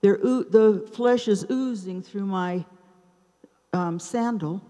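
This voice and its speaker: Slow older woman telling a story onstage. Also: medium pitch, warm tone. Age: 70s. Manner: unhurried, with dramatic pauses between short phrases. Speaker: open mic storyteller. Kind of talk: live personal storytelling. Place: theater stage. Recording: reverberant live theater sound.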